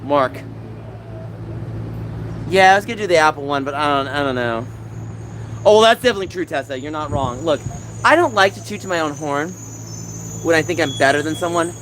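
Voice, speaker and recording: Man, fairly high voice, rambling livestream chat, noisy city street behind. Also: expressive, a little fast, long pauses, a bit bright. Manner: rambling, talks back to chat viewers. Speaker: livestream host. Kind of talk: casual chat with live chat. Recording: noisy outdoor street recording.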